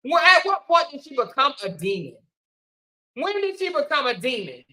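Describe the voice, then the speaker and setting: A woman's voice: high-pitched, normal speed, rough recording. A woman giving heated, rhetorical commentary, firing off questions and emphatic asides. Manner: animated, rhetorical, emphatic, colloquial. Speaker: commentary host. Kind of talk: opinionated commentary.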